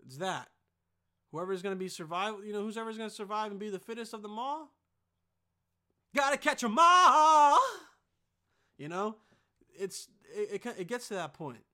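A man's voice: sits high, brisk. A young man vlogging to camera in a profane, rambling, heated rant full of fillers.

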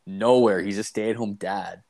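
A man's voice: on the low side, steady tone, a little slow, vocal fry, mellow. A man casually telling a story on a podcast, rambling and swearing, with frequent restarts. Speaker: podcast host. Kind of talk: casual chat.

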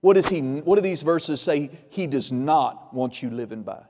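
A man's voice: on the high side, animated, moderate pace, mellow, in a large hall. A male pastor preaching a sermon, emphatic and repetitive, with folksy humor.

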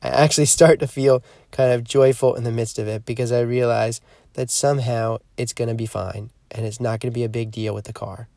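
Earnest man with a gravelly voice. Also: mid-range voice, fairly even intonation, a little fast, mellow, no room sound, studio quality. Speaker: podcast host. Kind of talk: reflective spiritual podcast teaching.

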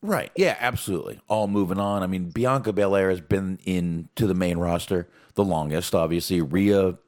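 A man's voice: deep voice, normal speed. A man co-hosting a casual podcast, rambling and swearing as he recaps wrestling shows. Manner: profane, animated, rambling with fillers. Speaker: podcast co-host.

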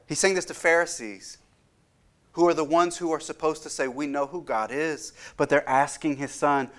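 A man's voice: on the high side, moderate pace. A man in his thirties, a pastor delivering an earnest sermon that rises in intensity when he quotes scripture.

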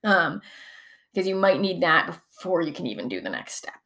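A woman's voice: on the low side, very animated, normal speed, sharp tone. A young adult woman explaining somatic coaching techniques in a chatty, casual teaching talk, full of fillers and frequent laughs.

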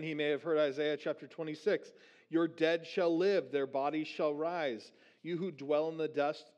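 Animated male pastor preaching a sermon. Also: fairly high pitch. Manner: slows down for scripture readings, animated when acting out questions.

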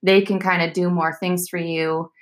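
Chatty woman coach, lowish voice. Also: little pitch movement, normal speed. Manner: chatty, explains with many fillers. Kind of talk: casual podcast chat.

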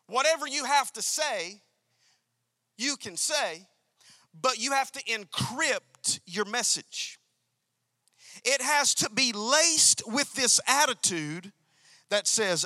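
A man's voice: very high-pitched, animated, takes it slowly, long pauses, pushed and bright, dry recording. A male pastor preaching a sermon, emphatic and repetitive, calling out to members of his congregation. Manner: emphatic, repeats key phrases, calls out to congregation.

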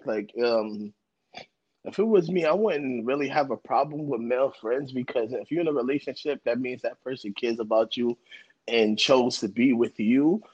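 A man's voice: medium pitch, darkish tone, slightly rough, dull audio. A man co-hosting a podcast in casual chat, laid-back and giving relationship advice. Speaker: podcast co-host.

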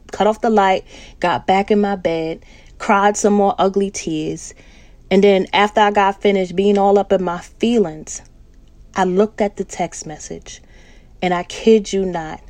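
A woman's voice: mid-range voice, normal speed. A woman minister, middle-aged, giving an emotional spoken testimony in a sermon style, repeating phrases and calling her listeners family.

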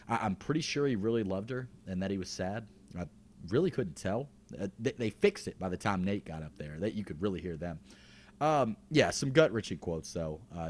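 A man co-hosting a podcast, talking in a laid-back, wry way with frequent restarts. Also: low voice. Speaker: podcast co-host. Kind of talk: casual recap chat.

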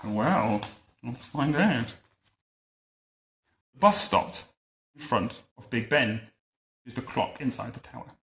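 A man reading a picture book aloud to a child at home, adding wry, deadpan comments between the lines. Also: medium pitch, slow pace, pauses often. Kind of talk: bedtime story reading with joking asides. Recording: roomy echo.

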